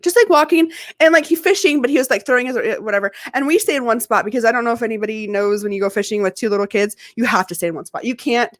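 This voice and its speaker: A higher-pitched woman chats on a podcast, laughing often as she tells family stories. Her voice sounds dry and close, with no room around it. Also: quick pace, hardly any pauses, no room sound. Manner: chatty storyteller, laughs often, acts out her kids' voices. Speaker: podcast co-host. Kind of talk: casual chat.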